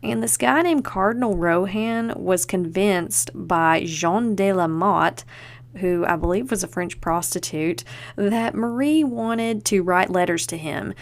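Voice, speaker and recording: A woman's voice: mid-range voice, unhurried. A woman hosting a podcast, chatting casually and enthusiastically and leaning on fillers like "like". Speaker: podcast host.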